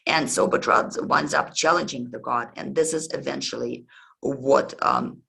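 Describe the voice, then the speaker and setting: A man with a heavily gravelly, husky voice hosts a history podcast. He retells old legends in a loose, hesitant way, with frequent ums and restarts. His tone stays informal and unpolished. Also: medium pitch, steady tone, moderate pace, sharp tone, rough recording. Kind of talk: casual podcast lecture retelling myths.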